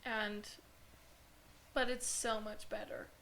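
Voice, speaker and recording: A woman's voice: mid-range voice, level tone, slow, gravelly, fairly bright tone, a little hiss or hum. A woman guest on a podcast, telling her story in a casual, earnest way with lots of "like". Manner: earnest, filler-heavy storytelling with frequent "like".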